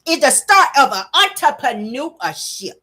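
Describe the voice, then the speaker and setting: A woman voicing a reality-TV mom who talks slowly and sounds out each word. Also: sits high, sing-song, a bit bright, pitched above the performer's own voice. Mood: earnest. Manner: slow, deliberate, over-enunciated.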